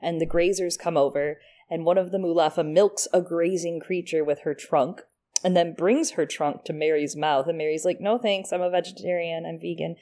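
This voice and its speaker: A woman's voice: sits low, steady tone, moderate pace, mellow. A woman co-hosting a podcast, recapping a book chapter in casual chat with playful asides. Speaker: podcast co-host.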